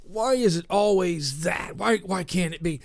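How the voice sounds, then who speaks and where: A man with a high-pitched voice hosts a live internet radio show. He rambles in a casual, unscripted way, full of fillers and jokes at his own expense. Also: unhurried, creaky. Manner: rambling, self-mocking, many fillers.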